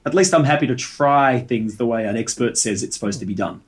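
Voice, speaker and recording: A man co-hosting a casual podcast chat, telling a rambling anecdote with halting restarts. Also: mid-range voice. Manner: rambling storyteller, halting restarts, bursts of laughter. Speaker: podcast co-host.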